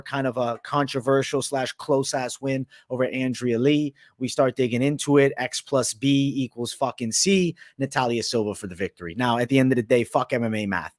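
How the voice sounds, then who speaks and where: Young dude w a boston-new york kinda accent breaking down fights live, swears a lot, brash, dry close sound. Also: male voice, medium pitch, no echo. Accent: mix of Boston, Canadian and Italian, often heard as New York. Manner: brash, animated, swears freely, chats with live viewers. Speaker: host of a live MMA betting and predictions show. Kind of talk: live-stream commentary, casual and profane.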